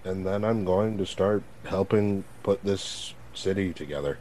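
A man taking part as a player in a tabletop game, speaking in a relaxed, hesitant, joking way. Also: sits low, a little slow. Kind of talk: casual tabletop play.

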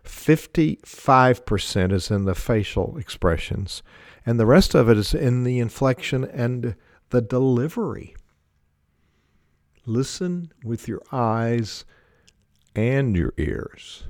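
A man giving a measured talk on leadership, laying out his points one by one with deliberate emphasis. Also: medium pitch, expressive, no room sound, clean studio sound. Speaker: leadership speaker.

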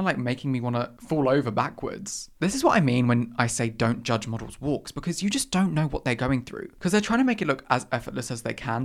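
A young podcast host spins stories in loose, slangy chat, voice leaping up and down in pitch to act out every quoted line. The delivery is dramatic and animated, and the host sounds fully at ease behind the mic. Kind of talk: casual storytelling.

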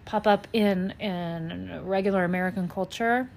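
A woman's voice: mid-range voice, unhurried, gravelly, a little mellow. Chatty woman from Louisiana. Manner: talkative, storytelling with fillers. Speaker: podcast co-host. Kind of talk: casual chat.

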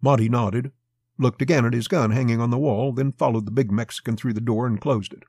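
A man with a gravelly voice reading a pulp crime story aloud as a scripted narration. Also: mid-range voice, fairly even intonation, brisk, darkish tone, dry recording, studio quality.

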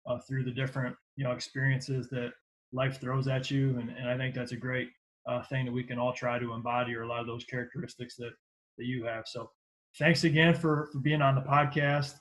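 Hosting a podcast for coaches, a man speaks a little fast in an earnest, even tone, his pitch mostly level with little rise and fall. He sincerely praises his guest and signs off the episode, and the audio quality is poor.

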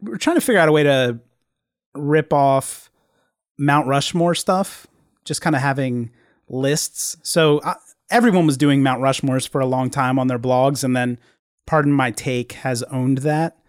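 A man hosting a podcast in casual chat, relaxed and quick to laugh. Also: medium pitch, smooth. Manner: relaxed, laughs often, halting restarts. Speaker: podcast host.

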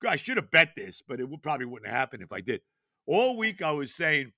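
A man's voice: on the high side, very animated, brisk, vocal fry, sharp tone, dry recording, clean studio sound. A man in his later years hosting a sports podcast, talking casually and with emphasis, often asking rhetorical questions. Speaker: podcast host.

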